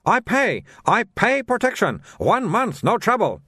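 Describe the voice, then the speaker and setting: A man's voice: sits high, huge pitch swings, a little slow, bright, forceful tone, slightly rough, dry recording, clean studio sound, pitched above the performer's own voice, heavily acted. A man voicing a small, bald male shopkeeper who haggles in clipped, broken phrases. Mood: wheedling.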